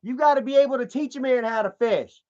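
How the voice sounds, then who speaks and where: A man's voice: extremely high pitch, fast talker, darkish tone. A man giving profane, heated commentary to his viewers, ranting as he browses online pages. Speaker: commentary vlogger. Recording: dull lo-fi sound.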